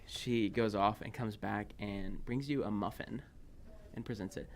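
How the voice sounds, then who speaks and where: A man's voice: lowish voice, steady tone, a little slow, a little mellow, a little hiss or hum. A man narrating a tabletop game as game master, loose and rambling with fillers.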